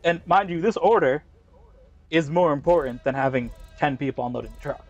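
A man's voice: fairly high pitch, a little fast, highs cut off, faint music behind. Man telling a rambling story while gaming. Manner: profane, rambling storytelling with slang fillers. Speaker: gaming channel host. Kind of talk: casual chat while racing in a game.

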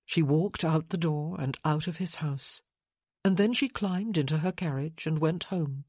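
A woman narrating an audiobook in a measured, unhurried reading. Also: low-pitched, darkish tone, husky, no room sound, clean studio sound.

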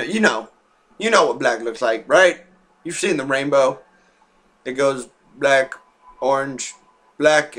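A man's voice: medium pitch, fairly bright tone. A teenage boy rambling and ranting to his camera, swearing freely and filling gaps with fillers. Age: teens. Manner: rambling, profane, restless, with frequent fillers. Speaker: vlogger.

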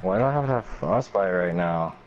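A man's voice: brisk, highs cut off. A young man streaming a game and chatting with teammates over a headset, swearing a lot and getting frantic. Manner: swearing, excitable, often frantic and high-pitched when chased. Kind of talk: live gameplay chat with teammates.

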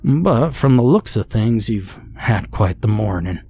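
A man's voice: fairly low pitch, animated, unhurried, mellow, breathy edge, soft background music, heavily acted. A man voicing an older farmer neighbor who talks in a folksy, fatherly way and turns stern when scolding. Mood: friendly.

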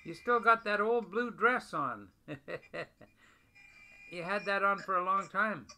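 Older man, tender, bright high voice. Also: animated, slow, a little hiss or hum. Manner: gentle, affectionate, repeats endearments. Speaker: husband on a video call. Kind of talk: tender video call chat. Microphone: video call.

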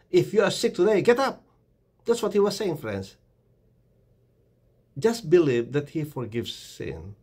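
A man's voice: high-pitched, darkish tone, husky. A man giving a short devotional sermon, earnest and exhorting, often calling the listeners "friends". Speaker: preacher.

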